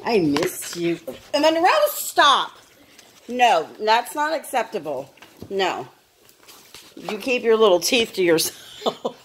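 A woman's voice: medium pitch, very animated, takes it slowly, a bit bright, a little hiss or hum. A woman talking baby talk to dogs and a toddler at home, laughing often, filmed on a handheld phone. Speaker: vlogger, dog owner. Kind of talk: casual home video chat.

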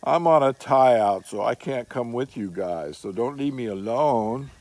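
A man's voice: medium pitch, animated, a little slow, a little mellow, no echo. A man voicing a lonely female dog on a tie-out who pleads not to be left alone. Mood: pleading.

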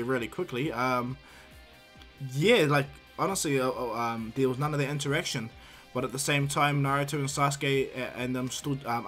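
A man's voice: mid-range voice, fairly bright tone. A man improvising fan-fiction narration, hesitant, with frequent fillers and restarts. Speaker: storyteller.

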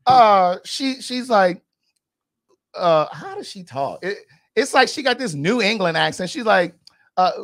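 A woman's voice: medium pitch, measured pace. Woman, podcast host, outspoken, profane, emphatic casual commentary. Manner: blunt, outspoken, profane gossip; animated and emphatic. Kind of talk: casual pop-culture commentary.

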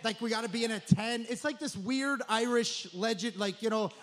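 A man's voice: very high-pitched, a bit bright, a little hiss or hum. A man from New doing a profane, rambling stand-up comedy set on a club stage. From New Jersey. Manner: profane, rambling, rapid riffing.

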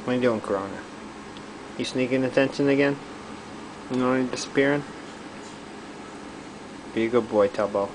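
A man filming his pet cat at home, coaxing and teasing it, shifting between loud urging and soft baby-talk whispers. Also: mid-range voice, normal speed, pauses often, noisy background.

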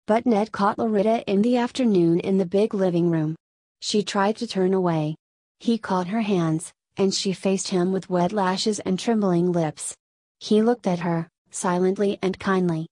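Brief: female storyteller, measured read, mid pitch, dry close sound. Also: dark tone, no room sound. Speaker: narrator. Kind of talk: scripted narration.

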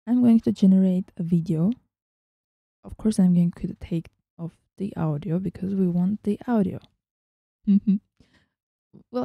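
Slow, gravelly, dark-voiced woman. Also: fairly low pitch, no echo. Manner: chatty, thinking aloud, often drops to a whisper. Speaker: tutorial host. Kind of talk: casual screen-recorded software tutorial.

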